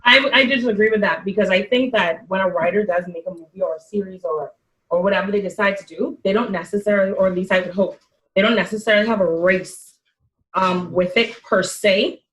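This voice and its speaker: A woman's voice: mid-range voice, a little fast, a bit bright. Woman reasoning aloud in an echoey room. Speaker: podcast panelist. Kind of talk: casual group discussion.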